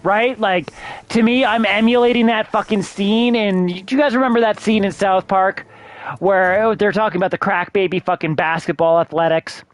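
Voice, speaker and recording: A man's voice: high-pitched, fairly even intonation, moderate pace. A man streaming a video game, ranting in a profane, exasperated way and thanking his viewers. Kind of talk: casual game-stream rant.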